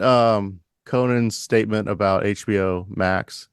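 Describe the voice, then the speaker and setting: A man co-hosting a podcast, chatting casually and riffing in a deadpan mock-announcer manner. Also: lowish voice, measured pace, clean tone, no room sound, clean studio sound. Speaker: podcast co-host.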